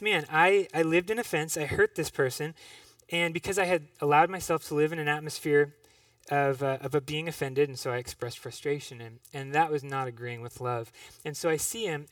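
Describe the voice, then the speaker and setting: A man's voice: on the high side, fairly bright tone, no echo, distant mic. A young man speaking to a congregation, telling a personal story with restarts and self-deprecating asides. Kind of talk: sermon.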